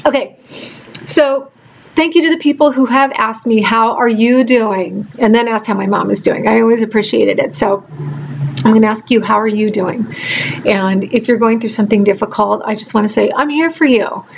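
A middle-aged woman vlogger speaking gently and earnestly to caregivers, emotional and close to tears. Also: a little high, moderate pace, gravelly, a little hiss or hum. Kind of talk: heartfelt direct-to-camera talk.

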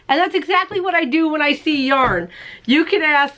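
A woman hosting a crochet show, chatting casually to the camera in a bubbly way, laughing often and putting on silly squeaky voices. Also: moderate pace, bright, forceful tone. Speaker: crochet podcast host.

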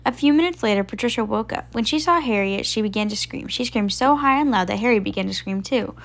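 A woman reading a children's picture book aloud in a gentle, expressive way. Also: a little high, fast. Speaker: storybook reader.

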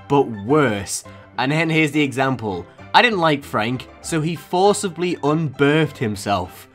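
A man's voice: mid-range voice, a bit bright. Young male reaction host, incredulous, sarcastic, laughs a lot, faint music behind. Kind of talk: comedic reaction commentary.

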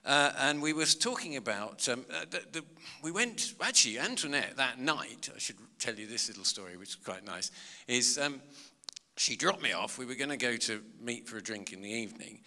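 A man's voice: medium pitch, lively intonation, moderate pace, bright, forceful tone. A man, a comedian and author, telling chatty, self-mocking anecdotes to a live audience. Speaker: comedian and author giving a talk. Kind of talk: storytelling talk to a live audience. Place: large public hall. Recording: long hall reverb.

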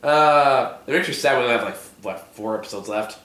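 Hoarse male vlog host, rambling and swearing, bright tone, roomy echo. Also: medium pitch, fairly quick. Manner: rambling, filler-heavy, swears casually. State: hoarse, voice giving out. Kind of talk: casual TV episode discussion.

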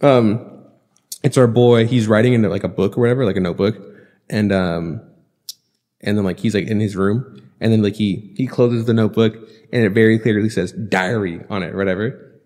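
A man with a low voice chats casually on a podcast, rambling through an anime recap and slipping into quick acted-out lines of dialogue. He swears freely and talks loosely. His voice carries a long reverb tail. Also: a little mellow. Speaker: podcast co-host.

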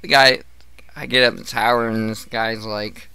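A man's voice: medium pitch, fairly even intonation, normal speed, gravelly, bright, forceful tone, clear, resonant tone, dry recording. A man streaming a casual chat, telling stories in a profane, ranting way and acting out the people in them. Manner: profane, ranting storyteller who acts out coworkers.

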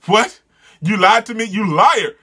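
A man's voice: fairly high pitch, moderate pace, bright, forceful tone. A man reading aloud as a pushy schoolboy who is easily upset. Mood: indignant.

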